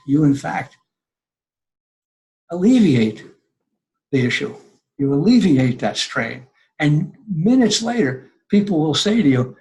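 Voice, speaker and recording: An older man speaking as a podcast guest, giving earnest, conversational advice and acting out people's words in lively voices. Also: on the high side, poor audio.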